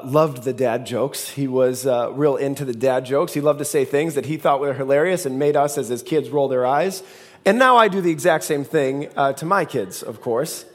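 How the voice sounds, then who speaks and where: Man preaching a conversational sermon. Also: a little high. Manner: conversational, storytelling with dad jokes. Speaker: pastor.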